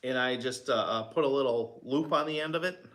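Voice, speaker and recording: A man's voice: mid-range voice, fairly quick, a bit bright. A man co-hosting a casual livestream, reading viewer comments and talking in hesitant, stumbling restarts. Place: home craft room.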